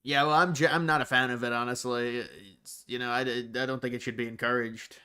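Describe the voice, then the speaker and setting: A man's voice: mid-range voice, flat delivery, a little fast, bright, forceful tone, clean tone. An American man hosting a livestream, reacting to chat in casual, rambling commentary and often restarting his sentences. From United States. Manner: rambling, thinking aloud with frequent restarts. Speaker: livestream host.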